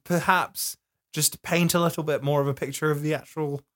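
A man's voice: fairly high pitch, steady tone, moderate pace, fairly bright tone. A man co-hosts a film podcast in casual conversation. He is chatty and easily amused, and often restarts his sentences as he hunts for words. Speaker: podcast co-host. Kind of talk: casual chat.

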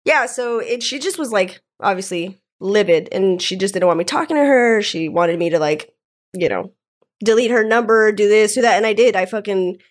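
A woman's voice: mid-range voice, moderate pace. A young woman chatting on a podcast in a loose, candid, rambling way. She fills her story with "like" and curses freely as she goes. Her voice sits in an ordinary middle range. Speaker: guest telling her story. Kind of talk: casual podcast chat.

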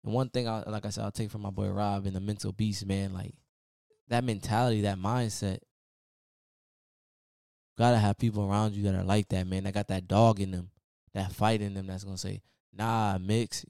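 Male podcast host, low register, casual sermon-like pep talk, dry close mic. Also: level tone, fairly quick, vocal fry, warm tone, clear, resonant tone, no room sound. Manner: casual, preachy, repeats "man" often. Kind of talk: motivational solo podcast rant.

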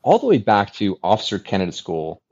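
A man in his forties, a former Navy fighter pilot, speaking as a podcast guest in an earnest, animated storytelling manner that acts out remembered dialogue. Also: on the low side, fairly quick. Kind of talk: conversational storytelling. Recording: dull lo-fi recording.

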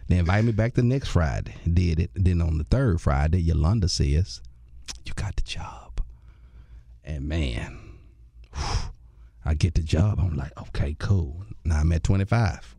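A man, a comedian and radio host, telling a lively story in a conversational interview, acting out other people's voices with bursts of laughter. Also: sits low, moderate pace, gravelly, few pauses, husky, no echo.

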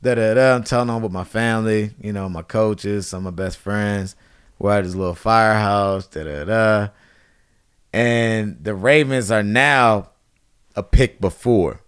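A man in his thirties tells a story in relaxed conversation. His voice sits low and sounds clear and smooth. He acts out the people he quotes by raising his voice. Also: unhurried, no echo, studio quality. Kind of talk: casual chat.

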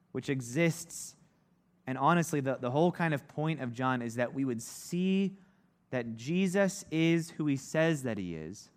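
A man teaching a casual Bible lesson, talking conversationally with lots of "like" and acting out the people in the story. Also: medium pitch. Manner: conversational, heavy use of "like", acts out quoted voices. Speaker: preacher.

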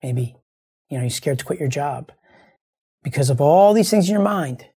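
A man's voice: a little high, expressive, normal speed, warm tone, breathy edge. A man hosting a show, speaking in an earnest, rambling monologue to his listeners while grieving and close to tears, often repeating himself. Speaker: show host.

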